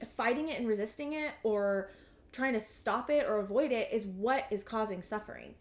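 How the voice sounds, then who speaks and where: A young woman giving a collective tarot reading, rambling with many fillers and gently reassuring the listener. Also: a little high, normal speed, echoey room. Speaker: tarot reader.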